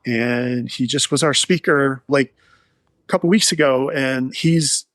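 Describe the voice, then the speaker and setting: A man's voice: mid-range voice, measured pace, no echo. A man being interviewed, telling a client's recovery story in an earnest, heartfelt, rambling way. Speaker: addiction therapist, guest.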